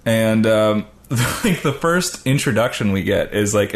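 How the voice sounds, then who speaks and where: A man's voice: lowish voice, animated, unhurried. A young man co-hosting a casual podcast, rambling and joking with lots of fillers. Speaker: podcast co-host.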